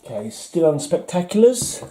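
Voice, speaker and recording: English man, casual vlog chat, wry and self-mocking, slightly high pitch, very mellow dark tone. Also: sing-song, normal speed. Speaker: comic collector vlogger. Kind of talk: casual talk while sorting comics.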